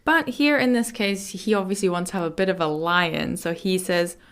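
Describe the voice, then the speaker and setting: A woman hosting a language lesson podcast, explaining phrases in a chatty way and saying model words slowly and carefully. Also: fairly low pitch, a bit bright, clean tone. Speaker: Mandarin teacher.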